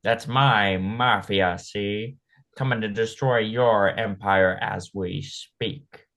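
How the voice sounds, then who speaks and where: A man putting on a menacing old-time movie gangster, tacking "see?" onto every line. The voice sits fairly low and comes out drawn-out and unhurried, with a sly, threatening edge. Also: steady tone, vocal fry, fairly bright tone, exaggerated voice. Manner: old-time mobster talk, ends lines with "see?". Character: male candy cane gangster, sly, menacing.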